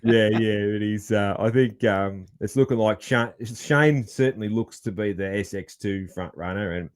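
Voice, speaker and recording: A man's voice: lowish voice, moderate pace. An Australian man hosting a casual podcast interview, rambling with many fillers and restarts and laughing easily. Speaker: podcast host.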